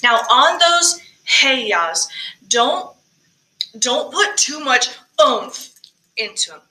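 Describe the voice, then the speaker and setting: A woman leads a choir rehearsal with a high, unhurried speaking voice, stopping to sing short phrases as examples. Her tone is bright and clear as she coaches breathing and diction. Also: very animated, poor audio. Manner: coaching, demonstrating sung phrases between spoken tips. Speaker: choir director. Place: recorded alone for virtual choir practice.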